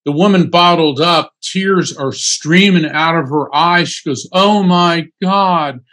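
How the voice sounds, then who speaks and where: A man, a psychic medium and attorney, talking as an interview guest in a casual, animated storytelling way with frequent um fillers. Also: on the high side, a little slow.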